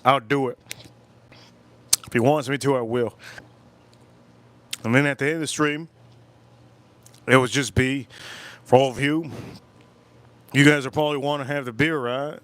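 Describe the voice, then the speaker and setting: A man's voice: medium pitch, steady tone, normal speed, long pauses, fairly bright tone. A man hosting a live cooking stream, chatting casually, rambling and repeating himself as he talks to his viewers.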